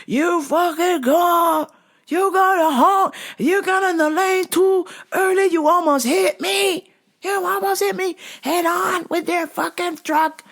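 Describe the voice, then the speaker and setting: A woman voicing a furious male construction worker who yells and curses. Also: very high-pitched, fairly even intonation, slow, pitched above the performer's own voice, exaggerated voice. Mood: raging. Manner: yelling, cursing, raging.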